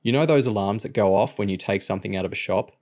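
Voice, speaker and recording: A confident, scheming teenage boy who lays out his plan with easy assurance, voiced by a man reading an audiobook. The voice sits low and steady, close to the reader's own. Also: quick pace, close to an everyday voice. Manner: confident, explaining.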